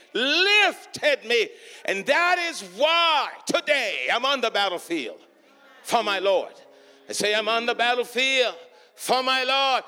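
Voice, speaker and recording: A man preaching a sermon with rhythmic repeated refrains and sudden bursts of shouting, in a large church hall. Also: very high-pitched. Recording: long hall reverb.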